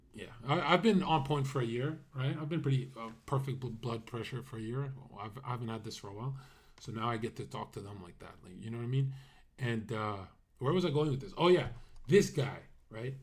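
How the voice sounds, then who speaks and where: A husky-voiced young man talking loosely on a livestream. He is brash and profane and laughs through his stories. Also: mid-range voice, a little fast. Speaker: streamer and host. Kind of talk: casual livestream commentary.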